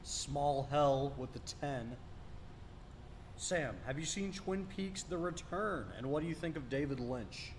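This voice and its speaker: A man reading out viewer donation messages in a flat, matter-of-fact way. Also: on the high side, measured pace, slight background noise. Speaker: donation reader.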